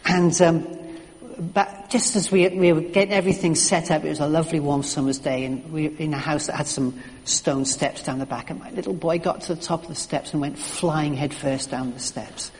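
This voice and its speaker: A man's voice: fairly high pitch, steady tone, normal speed, long reverb tail, a little hiss or hum. A middle-aged man preaching a sermon in an earnest, story-telling way, with frequent restarts and fillers.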